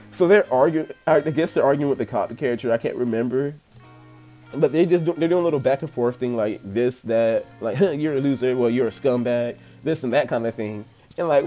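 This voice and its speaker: A young man with a mellow, darker voice rants about a movie, laughing and swearing freely. He rambles, circles back, and keeps his tone loose and casual. A faint bit of music sits behind him. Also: medium pitch. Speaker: movie reviewer. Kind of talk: casual rant-style review.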